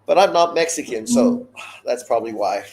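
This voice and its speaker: A man hosts a live boxing watch-along in a voice of ordinary middle pitch. He talks bluntly and swears often, mixing fight analysis with opinionated rants. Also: expressive, moderate pace, darkish tone. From Canada. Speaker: boxing show host.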